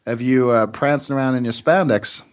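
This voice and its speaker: A man's voice: medium pitch, moderate pace. Chatty male podcast co-host. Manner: friendly and loose, with many ums and uhs. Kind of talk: casual podcast chat.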